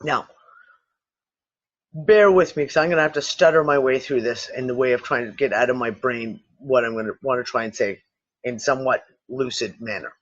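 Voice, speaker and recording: A man hosting a discussion show, thinking out loud in loose, rambling speech with casual swearing and frequent restarts. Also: mid-range voice, moderate pace. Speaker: podcast host. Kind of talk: casual speculative talk. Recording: dull lo-fi recording.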